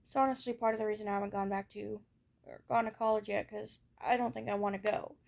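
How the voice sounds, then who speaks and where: In a personal vlog, a young woman talks frankly to camera about her childhood, hiccuping and wandering a little with many fillers. She is a fast talker with a steady, mid-range, darkish voice and vocal fry.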